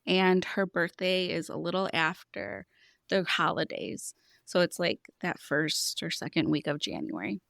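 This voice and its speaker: A woman in her thirties talks through money habits as a podcast guest, in a low voice with a gravelly edge. She explains earnestly and tells stories from her coaching. The sound is dry and close. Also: a little slow, fairly bright tone, no room sound. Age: 30s. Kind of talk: casual podcast conversation.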